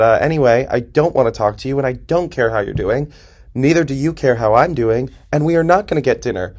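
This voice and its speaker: A young man with a New Jersey accent, hosting a podcast and ranting in an animated, profane, exaggerated way from a basement. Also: medium pitch. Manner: animated, profane, hyperbolic ranting with frequent laughs. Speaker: podcast host. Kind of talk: casual comedic monologue. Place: parents' basement.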